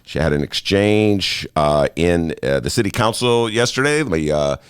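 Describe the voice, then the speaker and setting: A man's voice: low-pitched, lively intonation, a little slow, clean tone, no room sound. A man hosting a talk show in a studio, joking and self-mocking in a playful monologue. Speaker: host.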